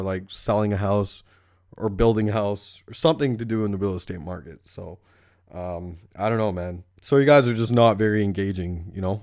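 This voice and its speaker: Hosting a loose, rambling podcast, this young man from Canada tells stories full of profanity and laughter. He has a lowish, slightly mellow voice.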